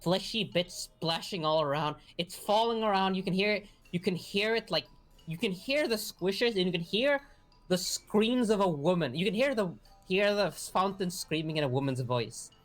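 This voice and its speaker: A woman's voice: medium pitch, expressive, moderate pace, soft background music. A woman narrating as game master in a casual, rambling way, laughing and swearing often.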